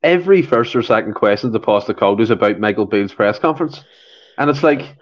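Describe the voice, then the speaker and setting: A man's voice: lowish voice, lively intonation, fast talker. A Scottish man rants emphatically in a casual football chat. His recording sounds dull and lo-fi, with the treble muffled. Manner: worked-up, emphatic. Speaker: podcast panelist.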